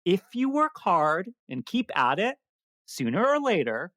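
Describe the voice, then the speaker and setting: A woman's voice: fairly low pitch, sing-song, measured pace, a bit bright, no room sound, studio quality. A woman playing an eager podcast co-host who hams up a clumsy put-on Australian accent and stumbles over words in a comedic audio drama. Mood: boastful.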